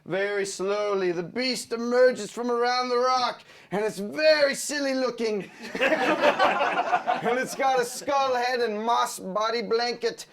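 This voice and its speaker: A man narrating a storyboard pitch, animated and full of sound effects. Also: a little slow, slight background noise. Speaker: story artist. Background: listeners laughing.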